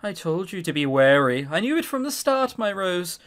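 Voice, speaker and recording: A man voicing a cold, possessive mother in a visual novel, speaking low, soft and sinister. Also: very animated, moderate pace. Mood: menacing.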